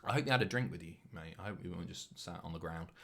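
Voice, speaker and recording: A young man with a Southern English accent reads donation messages aloud on a live stream, his deep voice carrying a slight brightness. He's casual and jokey, swearing freely and tossing in quick asides.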